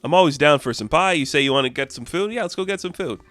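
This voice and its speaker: A man's voice: a little high, animated, fast talker, fairly bright tone, no room sound, soft background music, pitched above the performer's own voice. A man voicing a flirty, wry horror hostess, talking in a dry, wisecracking way.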